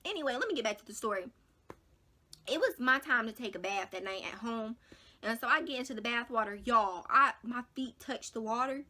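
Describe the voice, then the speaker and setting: A young woman vlogger tells a story straight to her viewers in a casual, slangy way. Her voice sits a little high and sounds bright and forceful. Her delivery is animated and dramatic, with big jumps in pitch and loudness. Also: a little fast. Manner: casual slangy talk, addresses viewers as y'all. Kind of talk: storytime vlog.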